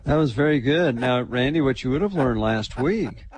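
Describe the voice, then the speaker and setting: A man's voice: mid-range voice, expressive, moderate pace. A man co-hosting sports radio with easygoing banter.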